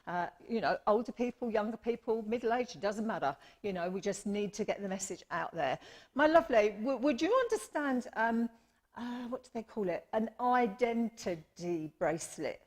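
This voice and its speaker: At a church service, a woman medium gives readings in an animated, somewhat high voice at a moderate pace. She is chatty and affectionate during this live mediumship demonstration, often calling people "my lovely" and apologising.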